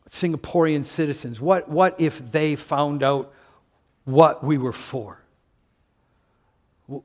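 Older canadian guy preaching, slow and earnest, kinda high voice, trips over words a bit. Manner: earnest, emphatic, with stammered restarts. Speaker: pastor. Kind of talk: sermon.

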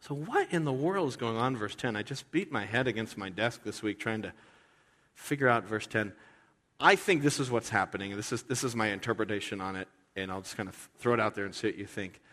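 A man's voice: on the low side, a little fast, a bit bright, in a large hall. A man preaching a sermon in a conversational, earnest way, often restarting his sentences. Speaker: pastor.

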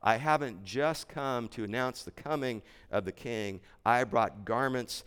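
A man voicing a gentle, gracious royal herald who speaks kindly in a sermon story. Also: medium pitch, measured pace, clear, resonant tone, big-room sound, natural voice.

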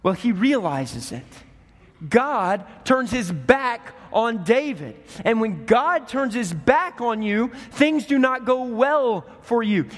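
Pastor, male, very high-pitched, animated storyteller, recorded in an echoing hall. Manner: animated storytelling, acts out voices in quotes. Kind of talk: sermon. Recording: long hall reverb.

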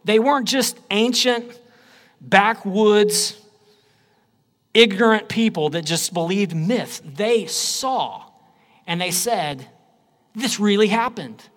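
A man preaching a sermon, swinging between loud declarations and low, quiet phrases. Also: animated, slow, pauses often. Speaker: pastor.

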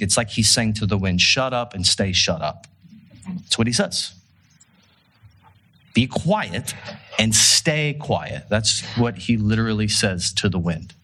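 Male pastor, casual sermon, bright tone with a husky edge, animated storyteller. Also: lowish voice. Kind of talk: conversational sermon.

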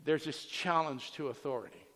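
A man preaching, weaving a personal story into his sermon with animated energy. His voice sits a little high and sounds bright and forceful. A long reverb from the hall follows every phrase. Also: moderate pace. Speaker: pastor.

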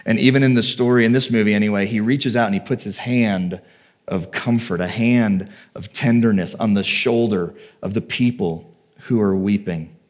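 A man's voice: fairly low pitch, normal speed, a little mellow. A man preaching a sermon, reading scripture aloud and retelling it in a conversational, heartfelt way with personal stories. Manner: conversational, reads scripture then retells it with feeling. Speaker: pastor.

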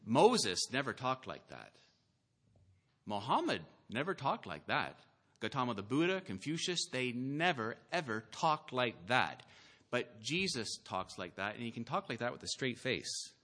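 A man preaching from a church pulpit with a bright, forward voice. He speaks slowly and deliberately, with small "uh"s between thoughts. His delivery climbs into emphatic, insistent peaks. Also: mid-range voice, big pitch swings. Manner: earnest preaching that builds to emphatic, rising climaxes; slow, deliberate delivery with filler "uh"s. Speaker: pastor. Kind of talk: sermon.

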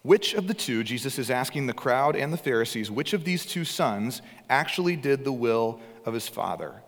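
A male pastor delivers a sermon in an earnest, emphatic voice of middling pitch. He swings from hushed to loud as he drives his points home. His voice rings out with a long reverb from a church hall. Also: sing-song, normal speed.

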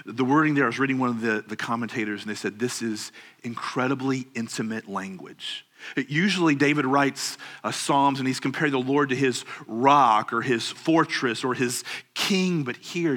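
A man preaching a sermon, earnest and measured, slowing down on key phrases and rising into urgent questions. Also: medium pitch, fairly bright tone. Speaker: pastor.

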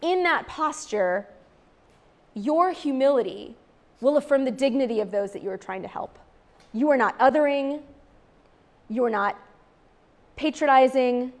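High-voiced woman in her 30s, outreach worker talking faith to a room, earnest, keeps repeating stuff for emphasis. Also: lively intonation, a little slow, pauses often. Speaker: street outreach worker giving a talk. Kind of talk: faith-based talk to a live audience.

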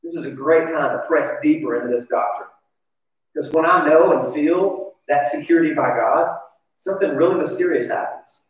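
Heard from afar on a muffled, echoey church recording, a male pastor with a slightly high voice delivers a sermon at a normal speed. He speaks conversationally and confessionally, asking his listeners questions.

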